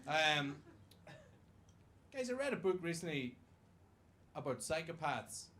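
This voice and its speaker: A man's voice: fairly high pitch, sing-song, takes it slowly, bright, forceful tone, slight background noise. A man with an Irish accent doing a stand-up comedy set on a club stage, self-mocking and swearing freely. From Ireland.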